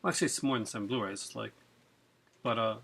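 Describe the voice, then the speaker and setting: A man hosting a casual unboxing vlog who talks in an excitable, rambling way with many fillers. He sounds chilled from being out in the cold and rain. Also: on the low side, fast, gravelly, husky. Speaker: video host.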